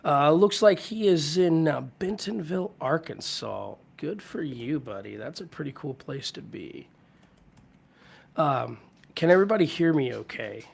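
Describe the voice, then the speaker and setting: A man hosting a casual live stream from home, hoarse from a cold and keeping his voice low, rambling as he greets viewers by name. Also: very animated, unhurried. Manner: keeps voice low to spare it. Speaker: livestream host. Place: at home with hardwood floors.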